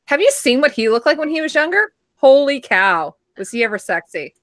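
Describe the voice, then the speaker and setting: A woman's voice: sits high, very animated, fairly quick, fairly bright tone, no room sound, studio quality. A middle-aged woman hosting a casual live-stream chat, laughing often and reading out viewer comments. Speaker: host.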